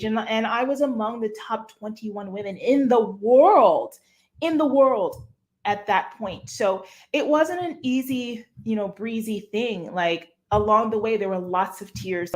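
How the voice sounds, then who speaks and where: Lively woman telling her story. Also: a little high. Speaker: guest. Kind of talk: casual storytelling interview.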